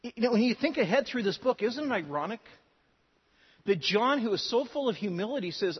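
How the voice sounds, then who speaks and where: A man's voice: sits high, big pitch swings, a little fast, slightly rough. A man preaching a sermon in an earnest way, with strong emphasis at times. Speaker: pastor. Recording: dull sound with long hall reverb.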